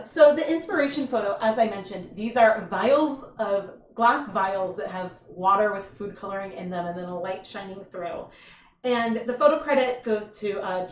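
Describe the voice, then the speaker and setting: A woman in her thirties hosting a casual craft livestream, talking in a rambling, halting way with many fillers and restarts. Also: mid-range voice, reverberant, highs cut off, a little hiss or hum. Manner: emotional, tearing up while thanking donors.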